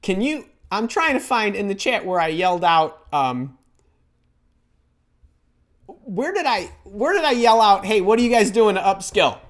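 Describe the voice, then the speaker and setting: A middle-aged man hosting a live career advice stream from home, talking in an excitable, scattered way as he reads the chat. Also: sits high, unhurried. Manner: energetic, excitable, scattered while reading chat. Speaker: host.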